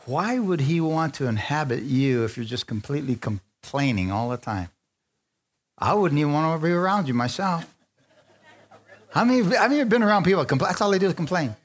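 A man's voice: a little high, brisk. A man preaching a sermon, calling for amens and hallelujahs from his congregation. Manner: lively, call-and-response preaching with frequent amens. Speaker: pastor.

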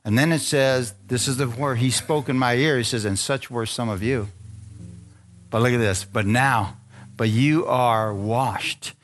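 A man preaching as pastor, reading scripture and telling his own testimony, asking the congregation for amens and rising into excited high peaks. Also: unhurried, faint music behind. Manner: animated preaching, calls for amen, rises to high excited peaks. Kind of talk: sermon.

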